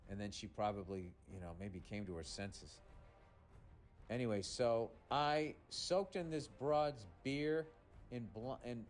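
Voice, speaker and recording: A man's voice: medium pitch, a little slow, soft background music. A man hosting a comedy podcast, reading a listener's letter aloud and breaking in with sarcastic, profane asides.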